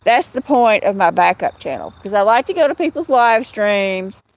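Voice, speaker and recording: With a Southern US accent and a medium-pitched voice, a woman runs a casual livestream at a moderate pace, her intonation lively. She rambles, calls out viewers by name, and laughs frequently, all in a dry recording.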